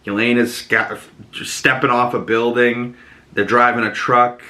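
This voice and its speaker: A man's voice: mid-range voice, flat delivery, measured pace, pushed and bright. A young man hosting a casual home vlog, rambling and chatty with plenty of fillers. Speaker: host.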